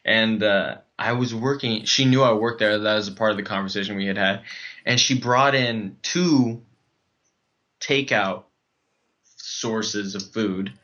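A man's voice: on the low side, unhurried, fairly bright tone, highs cut off. A man telling a comic dating story in casual chat, rambling with many fillers and restarts.

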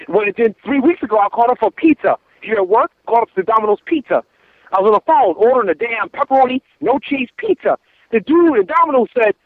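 A man calls in by phone and tells his story in a loose, animated rush, circling back and repeating himself. His voice sits very high for a man. The line is thin and phone-like, with no room sound. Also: no echo. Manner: animated storytelling, repetitive, restarts. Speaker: caller. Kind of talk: casual phone call. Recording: tinny phone line, dry.

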